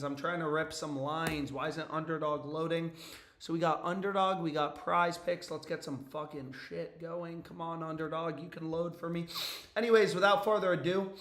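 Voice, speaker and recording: A young man streaming from an echoey room at home, his voice hoarse and nearly gone. He sits a little high in pitch and chats loosely, throwing in "dude" and "bro" and the odd curse. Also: fairly bright tone. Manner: loose and profane, frequent "bro" and "dude" asides. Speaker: sports betting streamer. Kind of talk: casual live-stream chat.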